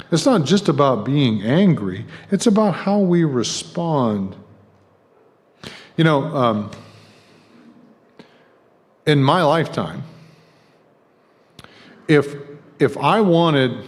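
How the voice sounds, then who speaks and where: Animated middle-aged preacher in echoing church. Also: male voice, medium pitch. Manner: conversational, joking asides to the congregation. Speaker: guest preacher. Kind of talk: sermon. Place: church sanctuary. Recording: long church hall reverb.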